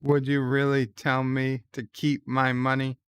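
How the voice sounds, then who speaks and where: A man voicing a smooth-talking male arms dealer who makes his pitch in a measured, persuasive way. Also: monotone, no echo, clean studio sound, lightly acted.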